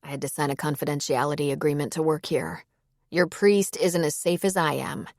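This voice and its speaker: A woman's voice: low voice, brisk, a little mellow, no room sound, voice pushed down. A woman voicing a sly, guarded bartender. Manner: dry, knowing.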